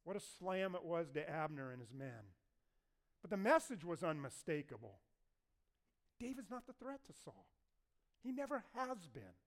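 A man preaching a sermon to a congregation. He tells the story in a lively way and acts out the voices of the figures. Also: on the high side, normal speed, long pauses. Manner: animated storyteller acting out voices. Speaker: pastor.

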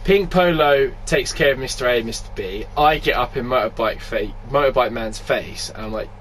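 A man telling a story in casual chat, animated, swearing freely and laughing often. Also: mid-range voice, moderate pace, a little hiss or hum.

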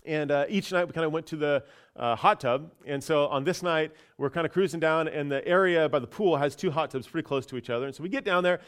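A pastor telling a personal story in a casual, chatty sermon, with many fillers and restarts. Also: male voice, a little high, fast talker, fairly bright tone, clean tone.

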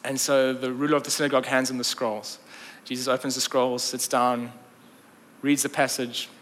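A man preaching a sermon, retelling a story in a lively, conversational way with jokes and asides. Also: medium pitch, normal speed, slight background noise. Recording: long reverb of a large hall.

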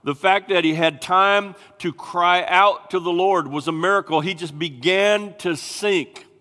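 A male pastor preaching a sermon in an animated way, acting out scripture voices with big swings in pitch. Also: unhurried. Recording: long hall reverb.

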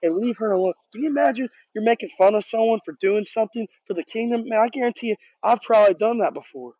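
A man's voice: high voice, fast talker, dark tone, slightly rough, no echo. A man who leads a youth group, giving a casual sermon in an earnest, conversational way, often restarting and repeating words. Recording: dull, dry lo-fi recording.

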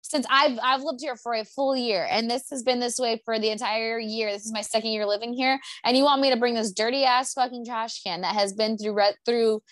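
A woman's voice: on the high side, fairly even intonation, fairly quick, hardly any pauses, dry recording. A young woman telling a story in a casual chat at her apartment, rambling and swearing with lots of fillers.

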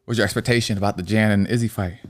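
A young man co-hosting a casual sports podcast, excitable and swearing a lot, calling his friend bro. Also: lowish voice, racing. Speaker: podcast co-host.

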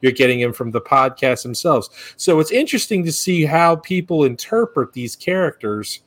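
A man co-hosting a podcast who talks in a relaxed way and often answers with short agreeing words. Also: fairly high pitch, moderate pace, dry recording. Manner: easygoing, frequent agreeing fillers. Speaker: podcast co-host and producer. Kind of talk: casual podcast chat.

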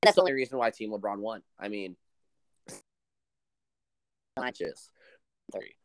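A man co-hosting a sports podcast, reacting excitedly and bantering. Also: fairly low pitch, measured pace. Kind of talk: casual sports chat.

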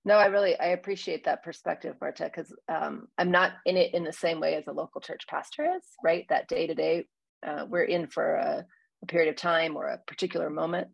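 A woman in casual conversation as a church minister, talking reflectively with many pauses and fillers. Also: sits low, steady tone, dry recording, poor audio. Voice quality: husky, gravelly.

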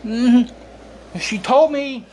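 A man's voice: extremely high pitch, very slow, darkish tone, a little hiss or hum. A man ranting about a long-distance relationship in a rambling, exasperated way, swearing and repeating himself, with a cough now and then. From United States. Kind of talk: casual storytelling rant.

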